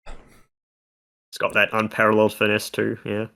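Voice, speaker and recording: A man's voice: fairly low pitch, monotone, unhurried, gravelly, pushed and bright. A man co-hosting a casual video game discussion, talking through stats and mechanics in detail. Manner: analytical, talks through game numbers. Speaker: content creator co-host.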